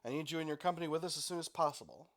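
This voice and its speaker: A man reading the lines of an army colonel who gives orders over the radio in a brisk, businesslike way. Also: fairly high pitch, fairly bright tone.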